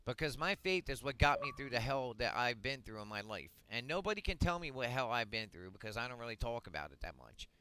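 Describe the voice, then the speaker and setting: A man streaming a game, delivering a blunt, profane rant that swings up to shouting. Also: mid-range voice, big pitch swings, brisk, hardly any pauses, clean tone, low-quality recording. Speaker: gaming streamer. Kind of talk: ranting monologue on a livestream.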